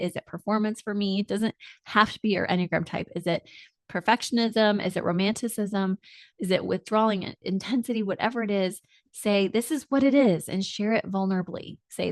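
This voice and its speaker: A woman's voice: mid-range voice, no echo. A woman marriage coach talking listeners through a solo podcast lesson in an earnest, encouraging way, speaking to them directly.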